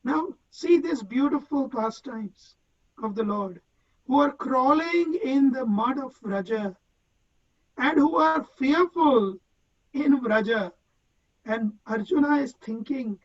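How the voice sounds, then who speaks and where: Slow, deliberate man teaching scripture. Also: extremely high pitch, expressive, highs cut off. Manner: recites Sanskrit verse then explains word by word. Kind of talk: devotional scripture class.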